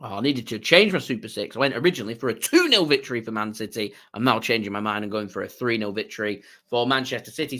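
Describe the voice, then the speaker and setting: A man's voice: mid-range voice, lively intonation, fast, few pauses, pushed and bright. A man hosting a fan channel's live match watchalong, chatting with viewers and giving play-by-play commentary. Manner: chatty, reads out viewer messages, laughs easily. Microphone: desk microphone.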